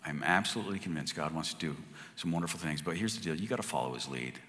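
A man's voice: a bass voice, fast. Man preaching in a reverberant hall. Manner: conversational, swings from loud to hushed. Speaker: pastor. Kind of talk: sermon.

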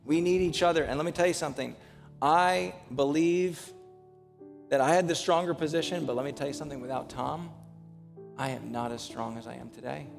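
A man's voice: a little high, steady tone, brisk, gravelly, in a large hall, over music. A man preaching a sermon as pastor to his church, telling a story and rising into passionate, urgent preaching. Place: church sanctuary.

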